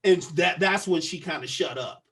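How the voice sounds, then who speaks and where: A man co-hosting a podcast, telling a story in casual chat, profane and animated as he acts out the other people's lines. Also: sits high, moderate pace, husky. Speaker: podcast co-host.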